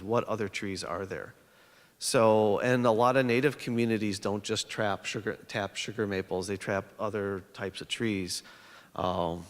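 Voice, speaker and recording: A man with a fairly low voice speaks to an audience in a lecture hall, his words trailing off into a long reverb. He tells his story conversationally, pausing on fillers and restarting his sentences as he goes. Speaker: panelist and educator. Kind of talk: storytelling panel presentation with slides.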